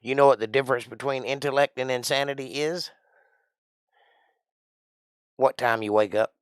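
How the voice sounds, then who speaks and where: Middle-aged Georgia man hosting a livestream, Southern drawl, jokey and rambling, mid pitch, dry close mic. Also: steady tone, moderate pace, smooth, no room sound. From Georgia, USA. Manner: playful, rambling, jokey with sudden loud outbursts. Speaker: livestream host. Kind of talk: casual livestream chat.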